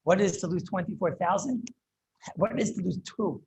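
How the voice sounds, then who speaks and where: A man, a rabbi, giving an impassioned Torah lecture over a video call, often halting and repeating words as he searches for them. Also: high-pitched, creaky, a little mellow, slight background noise, poor audio. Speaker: rabbi teaching a class.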